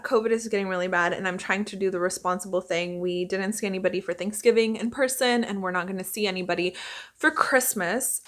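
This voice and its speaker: A woman's voice: medium pitch, a bit bright. A young woman, an actress, chatting emotionally and casually at home for her vlog, laughing often. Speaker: actress and vlogger. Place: at home indoors.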